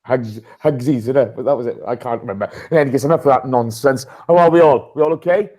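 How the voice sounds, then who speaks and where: A man's voice: medium pitch, fast, darkish tone, low-quality recording. A man hosting a casual live podcast, chatting and greeting listeners by name. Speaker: podcast host.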